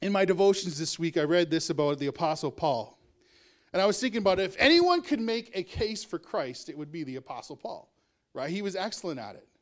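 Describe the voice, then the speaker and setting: A man's voice: high-pitched, very animated, a little fast. A male pastor preaching a sermon in a conversational way, with asides and chuckles.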